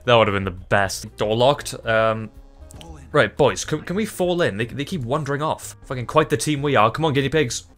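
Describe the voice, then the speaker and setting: A man giving loose, excitable gameplay commentary, swearing freely, laughing often and tripping over his own words. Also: mid-range voice, moderate pace, faint music behind. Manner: rambling, self-interrupting. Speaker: gaming YouTuber.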